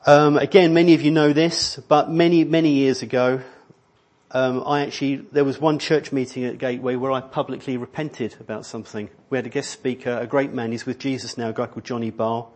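A man's voice: medium pitch, fairly even intonation, brisk, darkish tone. A middle-aged man preaching a sermon in a church hall, rambling and conversational, with many restarts. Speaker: pastor.

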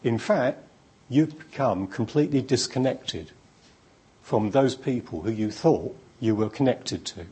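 A preacher delivers a sermon with a very husky, breathy voice. He speaks slowly, and his pitch swings widely as he builds each point through emphatic repetition. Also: lively intonation, dark tone.

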